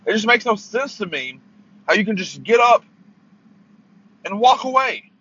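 A man's voice: high-pitched, very animated, unhurried, pushed and bright, husky, dull audio. A man hosting his own podcast, ranting angrily about sports with heavy swearing and stammering, recorded in a parked car. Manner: profane, heated, stammering. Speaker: podcast host. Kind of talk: angry sports rant.

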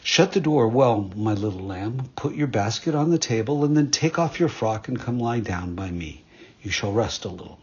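A man voicing a sly, smooth-talking wolf who fakes a gentle voice. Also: medium pitch, animated, normal speed, dull audio. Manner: feigned gentle, coaxing.

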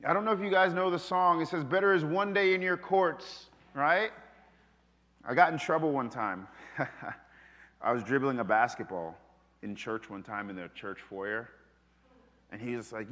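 Guy preaching, pretty high voice, gets loud then drops way down, big hall echo. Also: moderate pace. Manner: animated, swings between loud calls and hushed asides. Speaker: pastor. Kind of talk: sermon. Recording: long reverb of a hall.

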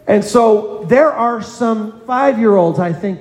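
A man's voice: high voice, a little slow, a little mellow. A man preaching a sermon in a church, earnest, calling on children in the congregation by name. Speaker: pastor. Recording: echoey hall with long reverb.

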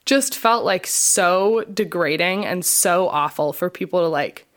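A woman's voice: fairly low pitch, unhurried. A young adult woman, a podcast co-host, casually telling her personal testimony in a chatty way, full of fillers and re-enacted quotes of her past self.

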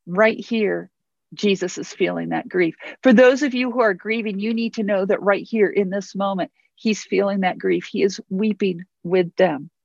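A woman's voice: medium pitch, fairly even intonation, normal speed, creaky, a little mellow, no room sound, dull audio. A woman pastor preaching a sermon in an earnest way, repeating phrases for emphasis.

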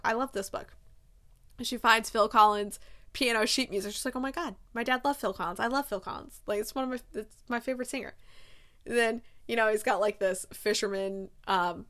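A woman in her thirties recapping a movie in a chatty, casual way. She fills her speech with filler words and slips into quick quoted lines. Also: fairly high pitch, sharp tone. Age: 30s. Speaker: movie reviewer.

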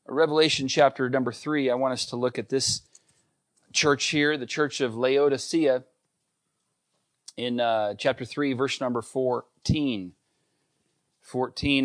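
A middle-aged man preaching a sermon, earnest and emphatic, repeating key points. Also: mid-range voice. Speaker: pastor.

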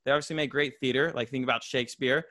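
A man's voice: medium pitch, steady tone, fast, bright, forceful tone, no room sound. A young man from Florida co-hosting a podcast, rambling with lots of fillers in casual chat. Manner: rambling, filler-heavy, laughs often. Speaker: podcast co-host.

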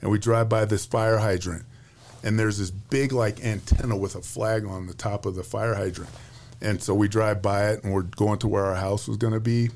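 Man, 50s, retiring general guest, easygoing storyteller, slightly low voice. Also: moderate pace. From United States. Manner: relaxed, chatty, lots of fillers and restarts. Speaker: retiring Air Force general, podcast guest. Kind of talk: casual storytelling interview.

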